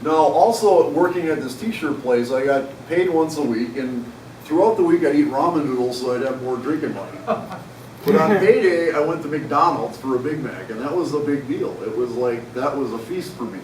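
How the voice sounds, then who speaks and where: A man's voice: on the high side, animated, normal speed, darkish tone, slight background noise. A man in his forties speaking at a conference, telling a personal story to an audience in a frank, conversational, self-deprecating way. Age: 40s. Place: conference hall. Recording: echoey hall, mic at a distance.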